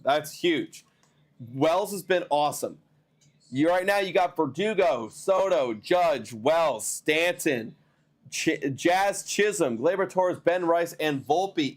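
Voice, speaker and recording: A man hosting a live baseball stream, chatting to viewers and reading trade news in a rambling, excitable way while tired. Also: on the high side. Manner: excitable, rambling, talks to chat. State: tired, yawning. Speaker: baseball livestream host.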